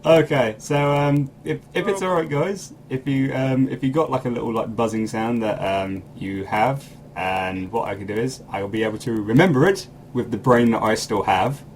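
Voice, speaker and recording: A man's voice: mid-range voice, normal speed, few pauses, a little hiss or hum. A man hosting a quiz on a casual podcast, rambling and self-deprecating, laughing often. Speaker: quiz host.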